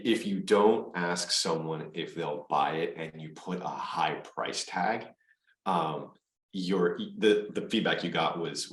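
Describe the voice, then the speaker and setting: A man with a very low voice hosts an interview over a video call. He talks casually and often restarts his sentences mid-thought. The sound is roomy and echoey. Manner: restarts phrases often, conversational. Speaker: host, venture partner. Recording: echoey room.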